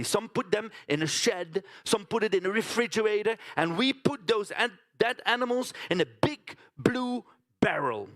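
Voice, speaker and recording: A man's voice: high-pitched, a bit bright. A man performing a theatrical storytelling monologue on a conference stage, chatting to the audience with tag questions.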